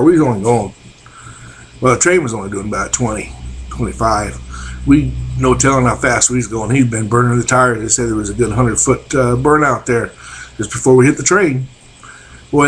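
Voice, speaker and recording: Older man, relaxed folksy yarn-spinner, chuckles, mid-range voice, webcam sound. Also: mid-range voice, a little hiss or hum. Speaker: vlogger. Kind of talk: casual storytelling.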